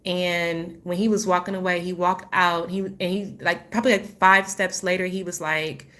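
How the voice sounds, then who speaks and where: A spiritual healing vlogger, a woman, recounts a painful personal story haltingly and with emotion, restarting often, before shifting to words of encouragement for her viewers. Her voice sits on the low side, level in tone and slightly bright.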